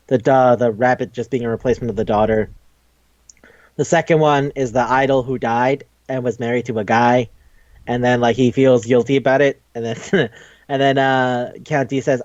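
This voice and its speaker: A man's voice: medium pitch, darkish tone, dry recording, highs cut off. A man co-hosting a podcast in casual chat, rambling loosely with lots of "like", swearing freely and acting out quoted lines as he retells a story. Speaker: podcast co-host.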